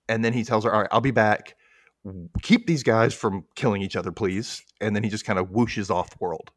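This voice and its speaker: A man's voice: lowish voice, brisk, no echo, clean studio sound. A man hosting a podcast, casually recapping a TV episode and acting out the characters' lines as he goes. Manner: animated storytelling, acts out quotes, laughs often.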